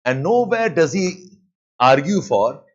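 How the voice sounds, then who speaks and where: A man with an Indian English accent gives a slow, deliberate live lecture, repeating each point so that students can write it down. His pitch moves up and down with emphasis as he drops in Hindi asides, and the audio is dull and lo-fi. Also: sing-song. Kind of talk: live online lecture with dictation.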